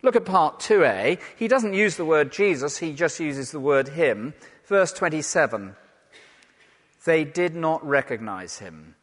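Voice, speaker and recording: A man, a vicar preaching a sermon in a lively storytelling manner that swings from loud to hushed. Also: a little high, measured pace. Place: church. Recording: long church reverb.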